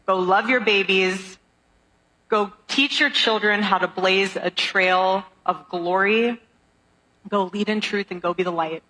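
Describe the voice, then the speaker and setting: A woman's voice: medium pitch, unhurried, sharp tone, low-quality recording. A woman giving a motivational speech to an audience, exhorting and preachy in tone.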